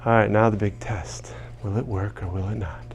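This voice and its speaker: A man's voice: lowish voice, steady tone, normal speed, a little hiss or hum. A man leading a live group through a tapping session, joking and calling out phrases for them to repeat. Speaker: tapping workshop leader.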